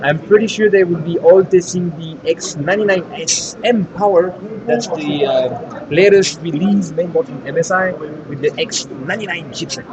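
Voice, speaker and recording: A man's voice: a little high, moderate pace. A man with a French accent co-hosting a live event stream, chatty and teasing while running a giveaway. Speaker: livestream co-host. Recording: crowd noise behind.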